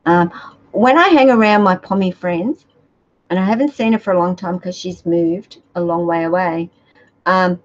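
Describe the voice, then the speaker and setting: A woman's voice: on the low side, lo-fi sound. An Australian woman keeping reptiles, chatting casually with viewers in a rambling, hesitant way. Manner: rambling, hesitant, many fillers. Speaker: reptile keeper vlogger. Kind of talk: casual chat answering viewer questions.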